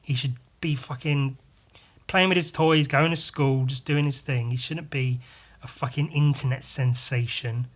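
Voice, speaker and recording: A man's voice: medium pitch, steady tone, measured pace. A man hosting a casual solo podcast, ranting bluntly and sarcastically with lots of swearing while he draws at his desk at home. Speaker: podcast host.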